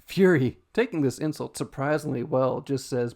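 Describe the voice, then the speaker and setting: A man hosting a podcast who recaps a story in loose, casual talk. He laughs often and swears freely. His mid-pitched voice carries a rough gravel. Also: moderate pace, darkish tone. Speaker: podcast host.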